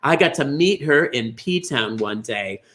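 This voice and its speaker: A middle-aged man hosting a live online bingo show, gushing over viewers' names with sudden high squeals. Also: expressive, unhurried, fairly bright tone. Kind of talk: live-streamed chatty greetings to viewers.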